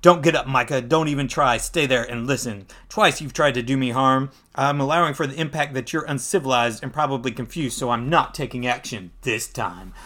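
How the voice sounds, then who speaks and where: A stern masked vigilante laying down a calm warning, as a man reads him. The delivery stays measured and close to the performer's own voice. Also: medium pitch, natural voice.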